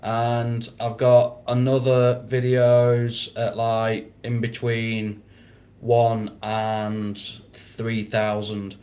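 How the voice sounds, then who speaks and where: A man's voice: medium pitch, monotone, drawn-out words, dark tone. A man hosting a casual livestream, chatting with viewers, swearing and laughing a lot. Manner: laid-back, swears a lot, laughs often. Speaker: livestream host. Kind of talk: casual livestream chat reading comments.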